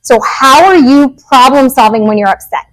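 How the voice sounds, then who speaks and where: High-voiced woman giving a parent workshop. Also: moderate pace, poor audio. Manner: casual, animated, acts out quoted parent and child lines. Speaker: behavior analyst speaking to parents. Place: meeting room with a live audience.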